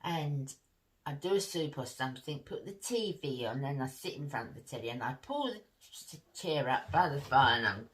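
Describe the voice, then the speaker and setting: A middle-aged woman, a beauty vlogger chatting to camera and telling a story while laughing often. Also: deep voice. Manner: animated, laughs through her story, warm asides to viewers.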